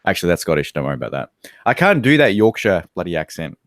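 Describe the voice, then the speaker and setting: Casting: Australian guy, lower voice, dry close sound, swears and jokes through casual chat. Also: big pitch swings, quick pace, a bit bright, no room sound. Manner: swears freely, joking. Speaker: guest.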